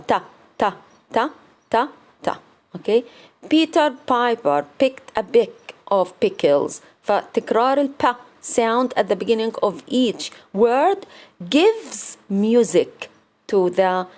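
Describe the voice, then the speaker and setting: A woman lecturer with an Arabic accent teaching a recorded literature class, explaining slowly in English and breaking into quick Arabic asides. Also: medium pitch, darkish tone. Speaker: university lecturer.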